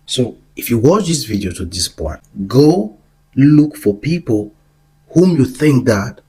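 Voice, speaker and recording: Husky young male host, earnest motivational storyteller, mid-pitched. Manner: earnest, storytelling, repeats phrases. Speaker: business podcast host. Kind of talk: motivational monologue.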